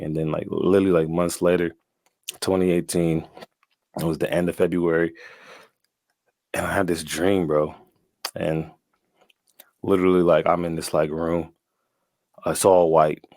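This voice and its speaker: A young man with a fairly low voice tells his story as a guest in a loose, slangy way, laughing often and leaning on "like" and "bro." The recording is dry and close. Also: darkish tone, no room sound. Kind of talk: casual storytelling.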